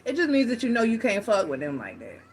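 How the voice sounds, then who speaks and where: A woman's voice: on the high side, huge pitch swings, fast talker, slight background noise. A woman giving a casual tarot reading, talking frankly and directly to her viewers, with slang and the odd swear. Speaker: tarot reader.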